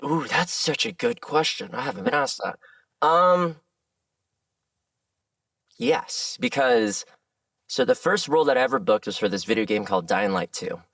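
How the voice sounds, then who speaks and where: Man, voice actor guest, laughing storyteller, swooping lively pitch, slightly distant dry sound. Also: moderate pace, creaky, long pauses, dry recording. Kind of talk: casual podcast interview.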